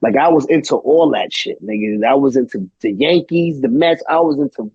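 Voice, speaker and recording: A man's voice: mid-range voice, lively intonation, normal speed, gravelly, a little mellow, breathy edge, dry recording. Laid-back Brooklyn man, dull dry sound. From Brooklyn, New York. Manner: laid-back, profane, repeats "you know what I mean". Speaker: guest rapper. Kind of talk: casual interview chat.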